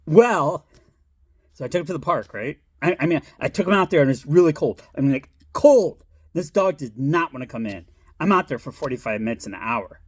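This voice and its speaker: A man's voice: a little high, lively intonation, fairly quick, slightly rough, dry recording, clean studio sound. Rambling middle-aged man telling stories. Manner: rambling, swearing, laughing. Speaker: vlogger. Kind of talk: casual storytelling.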